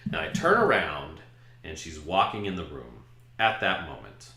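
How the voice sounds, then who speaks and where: Speaking with a bass voice at a moderate pace, a podcast host tells a casual, self-deprecating story from his past in an animated way. There's a roomy echo on the recording.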